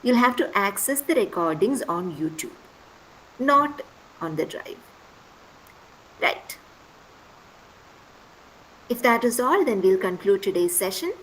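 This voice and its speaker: A woman's voice: medium pitch, big pitch swings, slow pace, pauses often, slight background noise, low-quality recording. A woman instructor leading an online workshop session over a video call, patiently repeating key points and checking in with "right?". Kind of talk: online class teaching.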